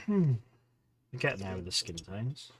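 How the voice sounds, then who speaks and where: Relaxed man chatting while painting. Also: on the low side, unhurried. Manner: relaxed rambling, talks to chat viewers between tasks. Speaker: hobby livestream host. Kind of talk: casual chat while painting miniatures. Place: home.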